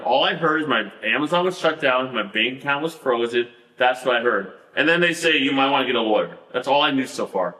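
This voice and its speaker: A man tells his story in a bright, forceful voice, animated and laughing, with fillers everywhere. The sound has a roomy echo around it. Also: medium pitch, brisk. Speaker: podcast guest. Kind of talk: casual storytelling interview.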